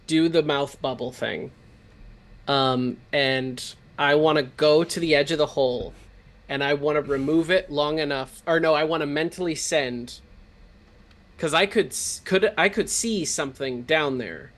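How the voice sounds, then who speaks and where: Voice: medium pitch, measured pace. A tabletop player who plans aloud eagerly, restarting and correcting themselves. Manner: eager, rambling, self-correcting. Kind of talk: playing a tabletop game.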